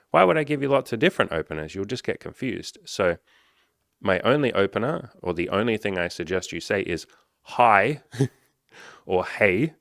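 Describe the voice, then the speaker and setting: Gravelly, blunt male dating coach. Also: fairly low pitch, no echo, clean studio sound. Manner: blunt, animated, swears casually; reads viewer comments aloud and answers them. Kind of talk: casual talking-head advice video.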